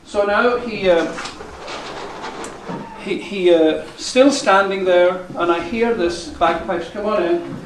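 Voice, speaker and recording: A man's voice: high voice, takes it slowly, a little hiss or hum. A man telling a rambling story to a live audience, chuckling and correcting himself as he goes. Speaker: folk musician telling a story on stage. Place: live concert venue. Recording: echoey, from a distant mic.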